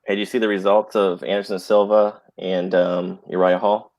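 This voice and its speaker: A man's voice: deep voice, little pitch movement, normal speed, a little mellow, dry recording. A man in a casual livestream chat, joking and trading movie quotes. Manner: joking, quoting movie lines.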